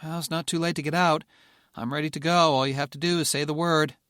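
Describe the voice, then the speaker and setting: A man's voice: a little high, steady tone, fast talker, a bit bright, clean tone, no room sound, studio quality, pitched above the performer's own voice, natural voice. A man voicing a tense, blunt female bomber co-pilot who talks with urgent insistence.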